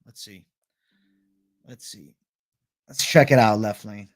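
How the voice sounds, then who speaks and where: A man's voice: lowish voice, slow, no room sound, clean studio sound. Laid-back, swearing man reading chat. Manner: casual, profane, laid-back bro talk. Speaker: livestream host. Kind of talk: casual livestream chat, reading viewer questions.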